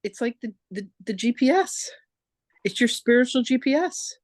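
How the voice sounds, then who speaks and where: A woman's voice: on the high side, moderate pace, no echo. A woman teaching a spiritual masterclass, telling stories casually and frankly and acting out the voices she quotes. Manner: lively, casual storytelling that acts out quoted voices; frank, with the odd swear word. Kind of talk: storytelling masterclass talk.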